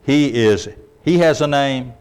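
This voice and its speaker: A man's voice: mid-range voice, slow pace, smooth. Earnest male preacher mid-sermon. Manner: emphatic, often checks in with "Okay?", drops soft at phrase ends.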